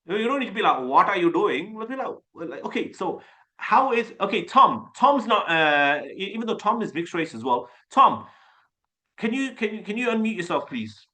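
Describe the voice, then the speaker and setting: A man in his forties from Birmingham with a Birmingham accent, Urdu as his first language, coaching a group on a video call in an energetic, chatty way and often restarting his words. He talks through a desktop webcam mic. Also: sits high, moderate pace. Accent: Birmingham English. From Birmingham, England. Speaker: sales coach.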